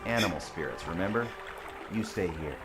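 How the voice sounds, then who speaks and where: A man's voice: sits low, lively intonation, a little fast. An actor playing a wry, stubborn male jungle adventurer in a video game, dry and sardonic. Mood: grim. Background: game music.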